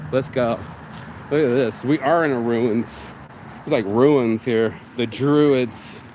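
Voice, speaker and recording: A man's voice: medium pitch, background noise. A man rambling through a profane, preachy motivational talk while vlogging in an outdoor park. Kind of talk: casual motivational vlog.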